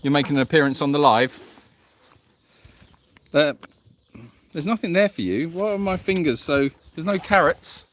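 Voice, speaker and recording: A man's voice: fairly high pitch, lively intonation, normal speed, pauses often, a bit bright. A man hosting a casual livestream from an animal sanctuary, chatting outdoors among donkeys and greeting viewers by name in a friendly, self-deprecating way. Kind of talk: casual live-stream chat reading comments.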